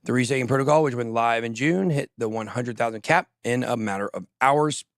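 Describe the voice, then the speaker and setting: A man's voice: medium pitch, fairly quick, dry recording, studio quality. A man hosting a crypto show in casual chat, joking and poking fun at himself while reading the news with tangents. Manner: joking, self-mocking, reads news with tangents.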